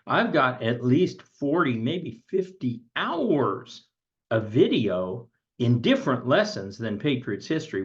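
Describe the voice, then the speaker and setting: A man teaching a history lesson in a conversational way, reading from a textbook and then stepping aside to comment. His voice sits at an ordinary middle pitch. The recording is a little dull and lo-fi.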